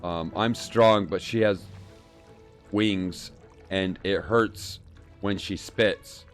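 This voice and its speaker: A man's voice: deep voice, very slow, soft background music. Man reading as a whiny filth-demon queen. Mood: petulant. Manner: petulant, reading game dialogue aloud.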